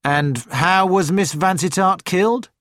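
Man reading as a grim police inspector, slow, grave, dry sound. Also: high-pitched, fairly bright tone, no room sound, pitched above the performer's own voice. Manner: grave, questioning.

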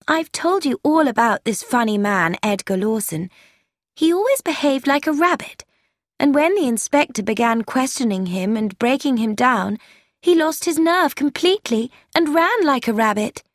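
A woman's voice: high voice, lively intonation, moderate pace, no echo, studio quality. A woman reading a young woman's chatty, earnest letter aloud in an audiobook. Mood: confiding. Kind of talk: scripted narration.

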